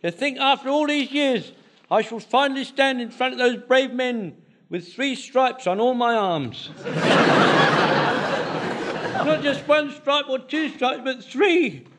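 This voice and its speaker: An actor playing an excitable, overeager elderly butcher turned soldier, with a fussy, stammering way of talking. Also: male voice, very high voice, slow pace, long pauses, slight background noise, exaggerated voice. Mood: overjoyed. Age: older. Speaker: elderly butcher and lance corporal. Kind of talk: broadcast sitcom acting.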